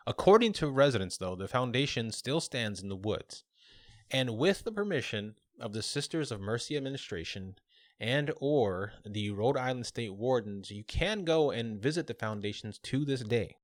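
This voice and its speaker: A man co-hosting a podcast, casually telling a local legend with relaxed fillers and restarts. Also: medium pitch, moderate pace, no echo, clean studio sound. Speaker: podcast co-host.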